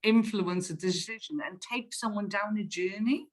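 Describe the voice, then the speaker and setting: Woman, podcast guest, animated storyteller, casual chat, plays out phone calls. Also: mid-range voice, moderate pace. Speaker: guest, sales professional.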